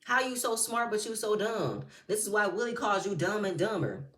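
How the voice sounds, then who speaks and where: A woman's voice: mid-range voice, expressive, moderate pace, a bit bright, echoey room, distant mic. A woman giving blunt, profane, heated commentary as she recaps a reality TV reunion. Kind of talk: casual commentary.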